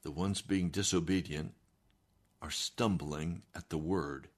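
A male pastor delivers an earnest, emphatic sermon at a slow, deliberate pace. His voice is low and husky and sits on the deep side. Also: steady tone.

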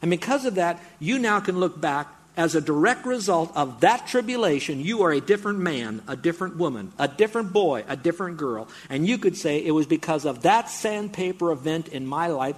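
A man delivers a sermon with a fairly high voice. He speaks straight to his congregation in a conversational way and gets excited when he makes his point. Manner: animated, bursts into excited game-show mimicry; conversational, addresses congregation directly. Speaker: preacher.

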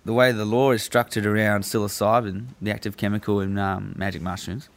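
Low and gravelly with a creaky edge, a young guest's voice carries a rambling story at a fairly quick clip. He's easygoing and profane, keeping the conversation casual and relaxed.

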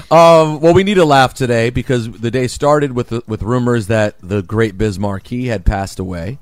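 A man co-hosting morning radio, animated and emphatic, his voice jumping up in excited bursts. The sound is dry and close with no room around it. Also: mid-range voice, unhurried, no room sound. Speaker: radio show co-host.

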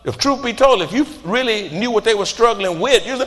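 A man preaching a sermon as pastor, in a fiery style that jabs at listeners with repeated rhetorical "huh?" and sudden shouts. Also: high voice, expressive, a little fast, few pauses. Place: church sanctuary. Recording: long reverb in a large hall.

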